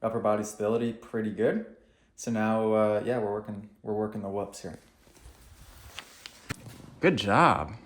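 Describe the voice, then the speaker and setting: A man talking casually in a vlog, coaching a young rider and then musing in a relaxed, reflective way in his backyard. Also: fairly low pitch, fairly quick, low-quality recording. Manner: coaching calls to a child rider; hushed, almost whispering. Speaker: vlogger and motocross coach. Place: outdoors at home, backyard.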